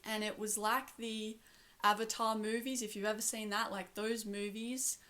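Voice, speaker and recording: A woman's voice: on the high side, flat delivery, moderate pace, pushed and bright. A woman earnestly recounting a spiritual vision, talking in long breathless runs full of fillers. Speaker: spiritual channel.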